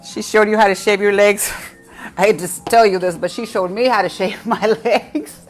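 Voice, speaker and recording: A woman's voice: medium pitch, fairly even intonation, moderate pace, over music. A middle-aged woman hosting a casual live cooking class from her kitchen, telling stories with laughs and talking straight to her viewers. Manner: chatty, warm storytelling with laughs and asides to viewers. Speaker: cooking show host. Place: home kitchen.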